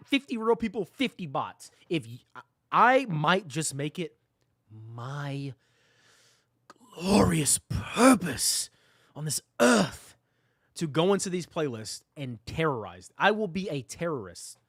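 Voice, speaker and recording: Animated man ranting on a live stream. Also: fairly high pitch, no echo, clean studio sound. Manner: animated, mock-dramatic ranting, often repeating himself. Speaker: gaming livestreamer. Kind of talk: live-stream rant to chat.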